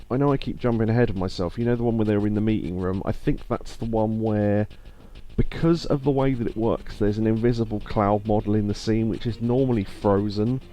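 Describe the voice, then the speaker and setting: A man streaming a live video game playthrough, chatting in a rambling way with quick laughs. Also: on the low side, background noise. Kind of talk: live let's play commentary.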